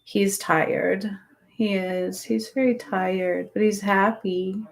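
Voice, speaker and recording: A woman doing an animal healing session on a live stream, talking in a soft, meandering way full of fillers and restarts, often describing symptoms as if she feels them herself. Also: medium pitch, steady tone, takes it slowly, creaky. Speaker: animal energy healer.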